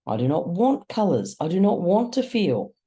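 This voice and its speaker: A reader voicing a strange grey girl who speaks in blunt, broken, childlike phrases, pitched above the reader's own voice. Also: sing-song, measured pace, vocal fry, dark tone. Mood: stilted.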